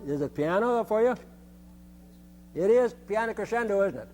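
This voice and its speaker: Older conductor singing rhythms to a band. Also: male voice, high-pitched, lively intonation, fairly quick, darkish tone, soft background music. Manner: sings rhythms on syllables, repeats phrases. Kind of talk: rehearsal instruction. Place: band rehearsal room.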